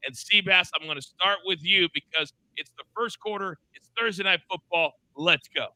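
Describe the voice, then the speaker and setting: A man hosting a live sports betting show, upbeat and teasing as he calls on each crew member for quick picks. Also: high-pitched, pushed and bright, rough recording. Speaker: host.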